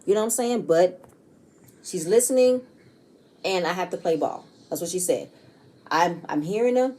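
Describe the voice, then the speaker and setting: A woman's voice: lowish voice, expressive, moderate pace, warm tone. A woman casually recapping a reality TV episode, chatty and blunt, often tossing in "you know what I'm saying" and swearing freely.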